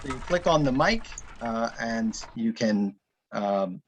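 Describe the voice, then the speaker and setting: A man's voice: mid-range voice, lively intonation, slow pace, background noise. A man giving a casual online presentation of a learning app, thinking aloud with frequent ums and restarts. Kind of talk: live online conference presentation.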